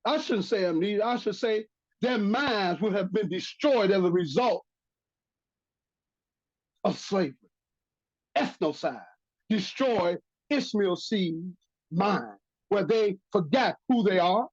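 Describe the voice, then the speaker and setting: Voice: medium pitch, lively intonation, takes it slowly, pauses often. A religious teacher giving a bible lesson, reading verses aloud and repeating key phrases for emphasis. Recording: dull lo-fi recording.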